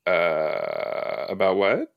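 A man with a fairly low voice talks unhurriedly through a casual watch-along, reacting aloud to what he sees on screen. He drifts into rambling asides and thinks out loud as he goes. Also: expressive, extremely slow, creaky, highs cut off. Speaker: podcast host.

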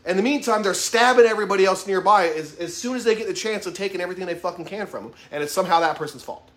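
A man's voice: high-pitched, rapid-fire, fairly bright tone. Blunt, swearing man in his thirties. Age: 30s. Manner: blunt, heavy swearing, emphatic, self-revealing. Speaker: motivational vlogger. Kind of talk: profane motivational monologue to camera. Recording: echoey room.

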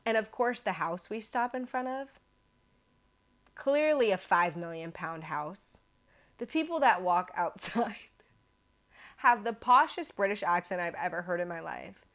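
Animated American woman telling a story. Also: medium pitch, unhurried. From United States. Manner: animated, self-mocking, exaggerating for comic effect. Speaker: podcast host. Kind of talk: casual storytelling.

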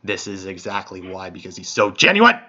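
In loose, profane podcast talk, a male host with a deep, bright, forceful voice tells a long personal story at a brisk, sing-song pace. He rambles and circles back as he thinks aloud, and the audio is dull and lo-fi.

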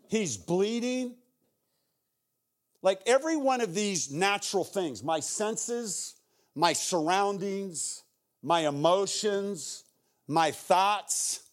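A middle-aged man preaching as a guest speaker, telling stories in a conversational way that swings from hushed to intense. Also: high voice. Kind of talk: storytelling sermon.

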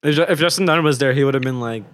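Young male podcast co-host, medium pitch, halting and filler-heavy casual chat. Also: fairly bright tone.

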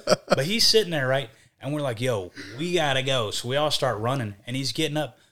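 A young man spins a wild tour story in loose, casual podcast talk. He swears constantly and jumps into voices to act out what everyone said. His pitch sits in an ordinary middle range. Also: a little fast. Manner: profane, animated, acts out quotes. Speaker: podcast guest, band vocalist.

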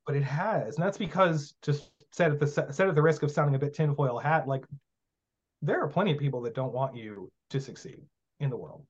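A man's voice: on the high side, a little fast, slightly rough. A man talking as a guest on a casual podcast, blunt and profane, often acting out little bits of dialogue. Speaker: guest teaching magic. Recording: dull lo-fi sound.

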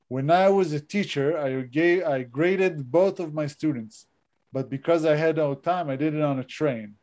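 Mellow-voiced man, hesitant casual co-host. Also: a little high. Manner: hesitant, telling jokes he wrote himself. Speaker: podcast co-host. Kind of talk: casual chat.

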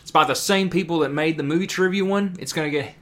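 A man's voice: a little high, quick pace, fairly bright tone. A man co-hosting a podcast, chatting casually and teasing his co-host with jokes. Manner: joking, teasing, rambling with restarts. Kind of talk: casual chat.

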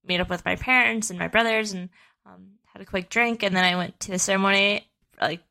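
A woman in her twenties co-hosts a podcast, telling a long, rambling story in casual chat full of fillers and restarts. Her mid-range voice is steady, brisk, gravelly, pushed and bright.

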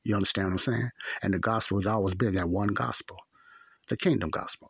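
Low husky preaching man. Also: steady tone, fairly quick, fairly bright tone, no echo. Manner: earnest, repeats phrases, asks "See?". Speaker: Bible teacher. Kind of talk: Bible study teaching.

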